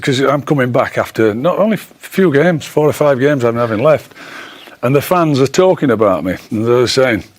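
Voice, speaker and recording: A man guest pundit from England telling a humorous, blunt football story in studio chat. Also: medium pitch.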